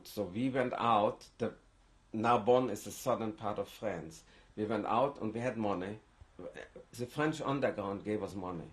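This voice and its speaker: An older man who grew up in Germany, seated indoors with a lapel mic, giving oral history testimony in a halting way with frequent restarts. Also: lowish voice. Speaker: interviewee.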